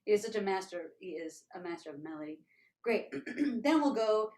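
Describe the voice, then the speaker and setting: Rich: A woman interview guest tells her stories with lively energy. She breaks into scatted rhythm syllables again and again to show the beats she hears. Her pitch is mid-range for a woman. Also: moderate pace. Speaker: guest, tap dancer. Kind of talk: animated storytelling in an interview.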